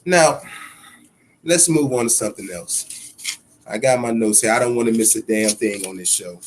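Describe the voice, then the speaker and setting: A man's voice: normal speed, a little hiss or hum. Fired-up man ranting on his podcast. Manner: heated, profane ranting with sudden swells in pitch and loudness; repeats himself for emphasis. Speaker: boxing podcast host. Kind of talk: solo podcast commentary.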